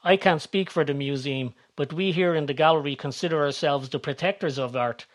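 A man's voice: a little high, a little fast, close to an everyday voice. A man voicing a haughty upper-class English lord with a posh English accent, speaking in a scoffing, superior manner.

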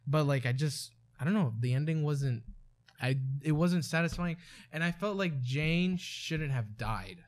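A young man in casual chat, talking hesitantly with halting restarts. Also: fairly high pitch.

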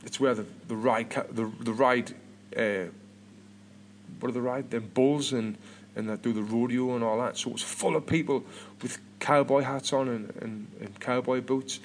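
With a medium-pitched, steady voice at a moderate pace, a British man in his 30s hosts a podcast. His talk is casual and rambling, full of restarts and repeated words, over a little background noise.

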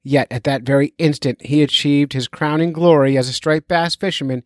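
A man hosts a fishing podcast, opening it in a goofy, chatty, self-mocking manner. His voice is fairly high and a little mellow, with fairly even intonation and a moderate pace. The studio recording is clean, with no room sound.

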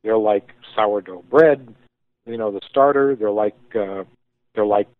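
A man being interviewed, telling a story with thoughtful pauses and frequent restarts as he explains things. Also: fairly low pitch. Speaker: guest, company founder. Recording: tinny phone-like line, dry.

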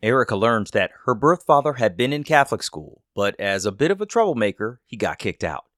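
A man's voice: mid-range voice, very animated, brisk, fairly bright tone, dry recording, studio quality. A man hosting a podcast, narrating the story and reacting with short interjections. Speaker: host.

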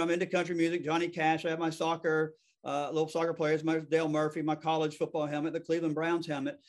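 Fast-talking Southern man, higher voice. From American South. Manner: fast-talking, self-deprecating. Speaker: guest, real estate attorney. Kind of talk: casual interview chat. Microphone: video call.

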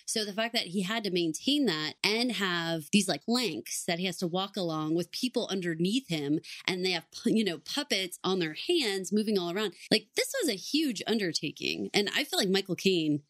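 A woman's voice: medium pitch, animated, normal speed, few pauses, a bit bright, no echo. Chatty woman hosting a podcast. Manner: chatty, steers the conversation. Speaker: podcast host. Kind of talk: casual chat.

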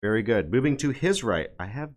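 A man hosting a podcast panel discussion, relaxed and folksy, with frequent fillers and restarts. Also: mid-range voice, a little fast. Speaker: podcast host.

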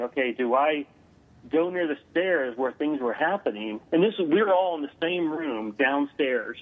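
A man, a guest on an interview, telling a story over the phone, halting with many filler sounds. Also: medium pitch. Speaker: guest paranormal investigator. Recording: tinny phone line.

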